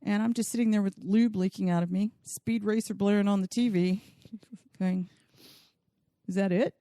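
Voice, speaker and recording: A woman's voice: medium pitch, steady tone, moderate pace, dark tone, no room sound, clean studio sound. A woman telling a bawdy comic story from her own life on a podcast, laughing often and acting out the voices she quotes.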